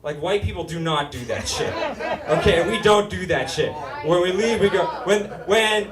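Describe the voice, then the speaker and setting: A young man from Utah doing a stand-up comedy set with a whiny, nasal delivery that rises into shouts. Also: high-pitched, animated, normal speed, crowd noise. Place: live comedy stage before an audience. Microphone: stage microphone. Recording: roomy live-venue sound, mic a bit distant. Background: audience laughter.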